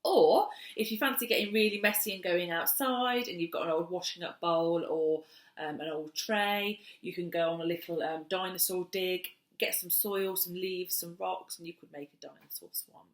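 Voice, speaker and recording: A woman's voice: fairly low pitch, moderate pace. A woman, casually explaining play and speech tips to parents with plenty of fillers. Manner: chatty, many "um"s, sing-song when addressing children. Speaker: early years teacher. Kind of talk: casual teaching talk to parents. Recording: echoey room.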